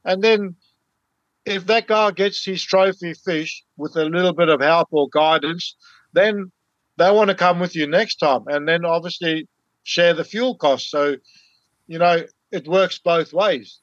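A man, a podcast guest talking in a relaxed, teacherly way. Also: on the high side, a little slow, no echo, highs cut off. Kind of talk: casual storytelling.

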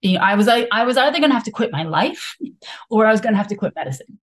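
A woman's voice: medium pitch, animated, fast talker. A woman physician, a podcast guest, telling her own story candidly and frankly, with many filler words. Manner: frank, confessional, heavy use of filler words.

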